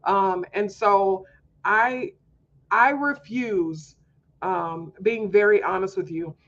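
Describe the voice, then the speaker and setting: A woman's voice: medium pitch, takes it slowly, dull audio. A woman hosting a homeschool mom podcast, talking earnestly in a candid personal monologue, confiding and full of fillers.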